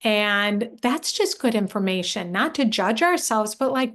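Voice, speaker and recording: She's a middle-aged mom coach leading a live online workshop, earnestly encouraging the group and asking them questions point-blank. The delivery is animated yet a little slow, with few pauses, in a mid-range voice of fairly bright tone.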